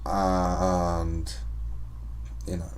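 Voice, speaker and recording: A man's voice: low voice, monotone, drawn-out words. A young man co-hosting a podcast in casual chat, joking, laughing and reading out news. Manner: banter, laughing often, reads out news. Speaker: podcast co-host.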